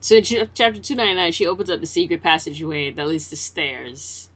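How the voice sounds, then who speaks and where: Lively woman recapping a manga chapter. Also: fairly low pitch, fast talker, slightly rough. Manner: animated retelling, acting out characters' lines; swears casually. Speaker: podcast co-host.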